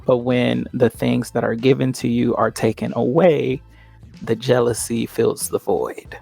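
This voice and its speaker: A player in a tabletop role-play game, answering questions in a calm, reflective way. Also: mid-range voice, measured pace, gravelly, breathy edge, faint music behind. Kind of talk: casual in-character game talk.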